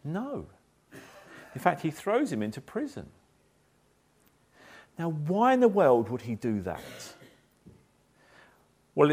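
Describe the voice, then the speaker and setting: A man preaching a sermon, acting out quotes and asking the listeners questions. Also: fairly high pitch. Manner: animated preaching with acted quotes. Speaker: pastor.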